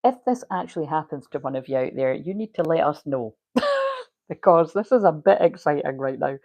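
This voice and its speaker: A woman's voice: deep voice, expressive, brisk, dark tone, no room sound, rough recording. A woman giving a casual livestream tarot reading, chatty, swearing freely and laughing often. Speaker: tarot reader.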